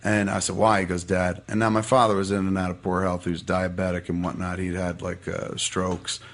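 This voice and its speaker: A man with a fairly low voice tells a long story in a relaxed podcast conversation. He swears constantly and slips into little acted voices for the people he quotes. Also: brisk. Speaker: podcast guest. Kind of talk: storytelling in a casual podcast chat.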